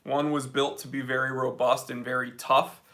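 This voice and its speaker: A man's voice: mid-range voice, level tone, moderate pace, fairly bright tone. A young man from New England, hosting a casual livestream from his office and reading viewer comments aloud in an upbeat way. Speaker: livestream host.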